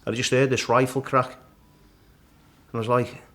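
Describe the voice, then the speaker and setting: A middle-aged man, a guest in a casual interview, vividly retelling his climb and acting out the shouts and thoughts along the way. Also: mid-range voice, unhurried. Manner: animated storyteller, acts out his own shouts and thoughts. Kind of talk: storytelling in casual conversation.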